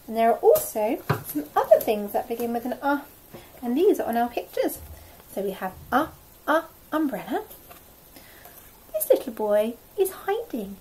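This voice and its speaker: A woman teaches phonics to very small children, her pitch bouncing high and low as she stretches out each letter sound. She talks in a bright, lively way and sometimes drops to a whisper. A faint hiss sits behind her home recording. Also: low-quality recording. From England. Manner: sing-song, exaggerated and encouraging, sounding out letters slowly; drops to a whisper now and then. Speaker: nursery teacher.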